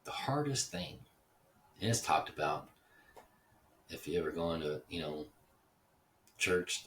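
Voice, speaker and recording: Very deep-voiced rambling man. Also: bright, forceful tone, far from the mic, a little hiss or hum. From Dallas, Texas (Oak Cliff). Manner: rambling, digressive, swears casually. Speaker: podcast host. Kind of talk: casual monologue.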